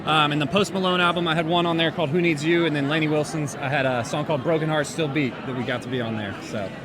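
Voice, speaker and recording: Man, songwriter, modest, easygoing, fast talker, loud crowd behind. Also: on the high side, steady tone. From North Carolina. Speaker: songwriter guest. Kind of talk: interview. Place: red carpet outdoors. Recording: crowd noise outdoors.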